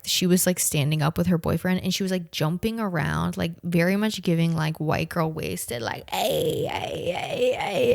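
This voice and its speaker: A young woman in her twenties from the southern United States, telling a story in a casual, animated, profane way, full of slang and "like". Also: on the low side, creaky, dry recording, clean studio sound. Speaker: podcast host.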